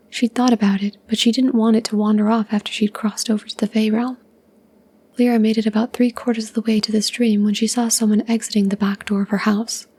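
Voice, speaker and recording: Woman whispering a bedtime-style story for asmr, breathy and mellow, pretty flat. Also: medium pitch. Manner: soft, even, unhurried whisper.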